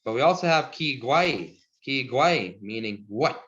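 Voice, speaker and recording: A man teaching a language lesson over a video call, relaxed and encouraging, laughing often. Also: medium pitch, measured pace, lo-fi sound.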